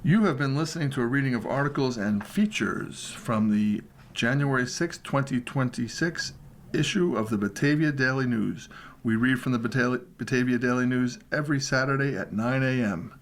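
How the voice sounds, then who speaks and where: A man reading newspaper horoscopes, death notices and comics aloud in a steady, plain manner. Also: mid-range voice, normal speed, a little hiss or hum. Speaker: volunteer newspaper reader. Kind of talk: read-aloud news and features.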